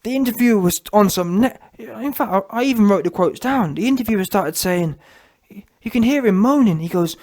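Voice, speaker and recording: High-voiced male vlog host; scornful, animated boxing rant. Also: a little fast. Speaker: boxing commentator. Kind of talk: ranting commentary vlog.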